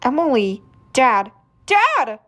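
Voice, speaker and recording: Woman reader with a bright, high voice; unhurried graphic novel read-aloud with character voices. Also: sing-song. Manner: shouts sound effects and alarmed lines. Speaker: fan reader.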